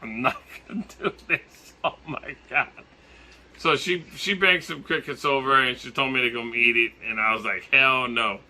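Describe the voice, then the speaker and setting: A man from Hawaii with a Hawaiian accent, vlogging casually in a jokey, excitable way, swearing and laughing as he talks. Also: mid-range voice, normal speed, slight background noise. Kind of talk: casual vlog.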